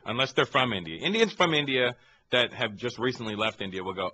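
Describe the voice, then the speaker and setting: A man who is a comedian, guesting in a casual radio studio interview, talking in an animated way and slipping into accents. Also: mid-range voice, fairly quick, a little hiss or hum. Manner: animated, laughing, mimics accents.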